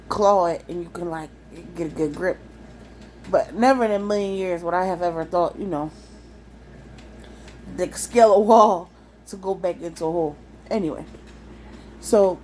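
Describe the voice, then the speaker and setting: A young woman telling a wild personal story in a casual, animated, profane way, laughing often. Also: medium pitch, a little hiss or hum.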